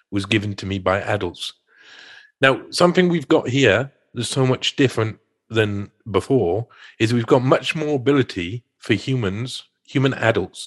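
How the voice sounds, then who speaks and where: A man hosting a conversational interview, telling personal stories with halting, stammering restarts. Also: fairly low pitch, a bit bright.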